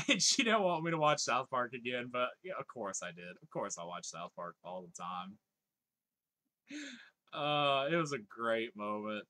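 Bright-voiced chatty male streamer. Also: medium pitch, sing-song, moderate pace. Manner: chatty, reads viewer comments aloud, laughs often. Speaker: live streamer. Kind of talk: casual live-stream chat.

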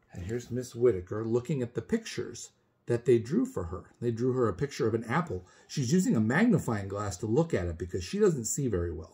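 A man's voice: mid-range voice, dark tone, breathy edge. A man reading a picture book aloud for a kindergarten class, expressively, pointing out the pictures. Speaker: storybook reader for kindergarten. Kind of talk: children's read-aloud narration.

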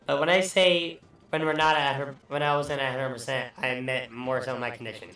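A man's voice: medium pitch, little pitch movement, brisk, pushed and bright, distant mic. A man hosting a let's play, joking and swearing through casual gameplay commentary. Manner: profane, rambling, joking. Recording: echoey room, voice off mic, faint music.

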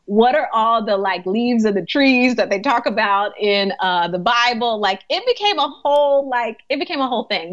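A woman's voice: a little high, lively intonation, moderate pace. Give me a chatty, laughing woman chaplain on a dull, lo-fi recording. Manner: chatty, laughs often, many "like" fillers. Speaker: hospice chaplain and grief coach. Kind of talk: podcast interview storytelling.

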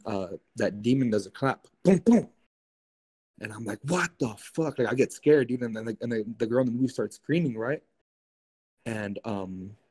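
A young man telling a spooky personal story in casual, animated speech, full of swearing and filler words. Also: on the low side, low-quality recording. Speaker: guest.

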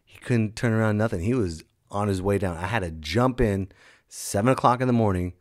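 A middle-aged man hosting a comedy podcast, telling a story as an animated storyteller who jumps into loud high put-on voices, just back from being sick. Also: brisk, dry recording, studio quality.

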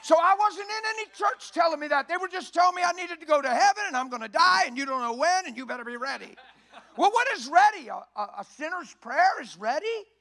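High-voiced, fiery male preacher. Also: animated, fairly quick. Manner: emphatic and folksy, often rising to a shout. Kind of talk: sermon. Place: church.

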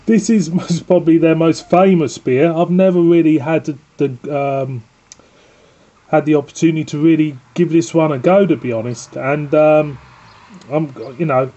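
A man with a Northern English accent rambles through a casual beer review at home. His voice sits a little high and mellow, and the recording is dull and lo-fi. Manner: chatty, rambling, scolds his dog between lines.

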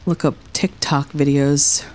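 A woman's voice: sits low, flat delivery, measured pace, a little mellow, slight background noise. A woman streamer giving let's-play commentary, exclaiming and swearing at the game as she plays.

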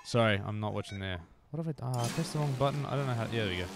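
An adult man chatting excitedly to viewers as he wraps up a live game stream, peppering his talk with "like". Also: medium pitch, racing, music in the background. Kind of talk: live-stream casual chat.

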